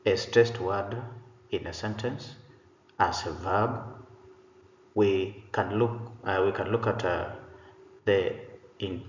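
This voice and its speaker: A man teaching an online English pronunciation lesson, explaining patiently and repeating himself, with many "uh" fillers. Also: sits low. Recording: echoey room, dull lo-fi sound, faint noise.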